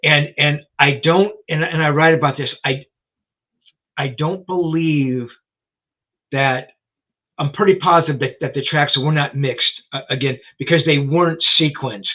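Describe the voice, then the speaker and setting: A man in his sixties, a guest journalist, tells an anecdote in a fairly high, chatty voice. He rambles and restarts his sentences, leaning on "you know" as filler. The sound comes through thin and phone-like, as over a call. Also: steady tone, measured pace. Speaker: guest rock journalist and author. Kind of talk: casual storytelling in a live interview. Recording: tinny phone-like line.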